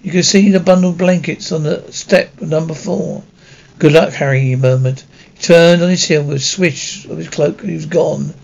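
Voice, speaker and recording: A man reading a children's novel aloud as an amateur audiobook, halting, with frequent slips and restarts. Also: fairly high pitch, vocal fry, a little mellow. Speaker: audiobook reader. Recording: dull lo-fi recording.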